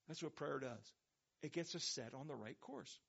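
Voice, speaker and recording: A man's voice: gravelly, a bit bright, slightly rough. Emphatic preaching man, lo-fi sound. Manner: emphatic preaching, slows and drops low on key words. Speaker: pastor. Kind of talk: sermon.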